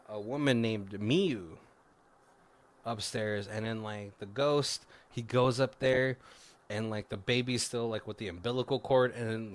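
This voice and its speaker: A man casually recapping a movie plot on a podcast, rambling with lots of fillers and self-corrections. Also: mid-range voice. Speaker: podcast co-host.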